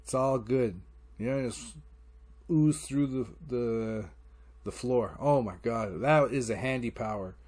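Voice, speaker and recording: A man's voice: mid-range voice, a little slow, darkish tone. Man telling rambling parenting stories. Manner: rambling storytelling, acting out quotes, frequent swearing. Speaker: podcast host. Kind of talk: casual solo podcast monologue.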